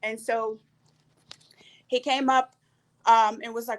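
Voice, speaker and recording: A young woman from South Sudan with a South Sudanese accent, earnestly telling a personal story with hesitant pauses and fillers. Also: fairly high pitch, level tone. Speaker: panel speaker.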